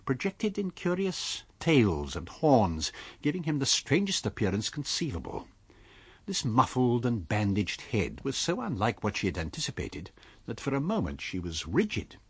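A man with a low, slightly husky voice tells a classic tale in measured storytelling. His pitch rises and falls with lively expression, and the sound is close and dry, like a studio radio reading. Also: no room sound. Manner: measured storytelling, voicing characters lightly. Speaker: audiobook reader.

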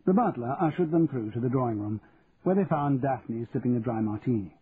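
A man narrating an audiobook in a measured, wry storytelling manner. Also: medium pitch, expressive. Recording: tinny, phone-like audio, faint hiss.

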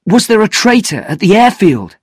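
Earnest teen boy, raised and lively, voiced by a man reading. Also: high-pitched, moderate pace, breathy edge, no echo, studio quality, pitched above the performer's own voice, exaggerated voice. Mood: urgent. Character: teenage boy, curious and thoughtful.

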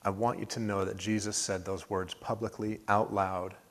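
Male pastor, lower pitch, earnest sermon delivery with rising emphatic swells and soft drops. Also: level tone, normal speed. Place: church sanctuary.

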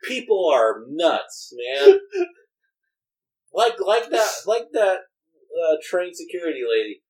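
A man in casual chat, telling a story with drawn-out, animated phrasing. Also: high voice, poor audio.

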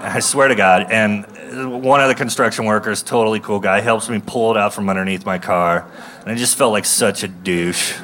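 A man's voice: fairly low pitch, normal speed, a bit bright, slight background noise. A man in his thirties telling a stand-up comedy story with a ranting delivery that breaks into bursts of mock rage. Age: 30s.

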